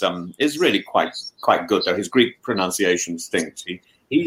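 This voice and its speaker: A man in casual conversation whose pitch swings widely as he talks. He restarts phrases again and again, stumbling into strong opinions. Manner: stammering restarts, animated opinions. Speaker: guest. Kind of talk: casual discussion.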